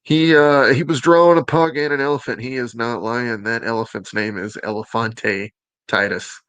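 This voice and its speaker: An upbeat man with a Southern accent hosts a casual show, joking and teasing as he presents. His voice sits at an everyday middle pitch and sounds dry and close. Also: steady tone, normal speed, fairly bright tone, clean tone, no echo. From Alabama. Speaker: host.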